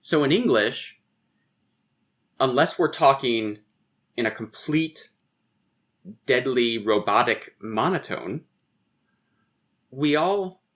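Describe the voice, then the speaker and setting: A man's voice: medium pitch, fairly bright tone. A man, a poet and guest on a podcast, explaining verse meter in conversation, tapping out rhythms aloud and reciting lines of poetry.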